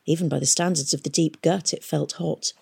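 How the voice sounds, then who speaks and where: A woman reading a novel aloud in a steady, measured storytelling manner. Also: deep voice, creaky, slightly rough. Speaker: audiobook reader. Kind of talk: audiobook narration.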